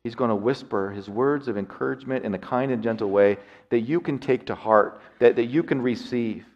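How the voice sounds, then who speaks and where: A man preaching a sermon as pastor. He drops to hushed tones and rises to loud, excited storytelling, often repeating words as he builds a point. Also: mid-range voice, a little fast. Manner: swings from hushed, near-whispered lines to loud, excited storytelling. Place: church sanctuary. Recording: long hall reverb, dull lo-fi sound.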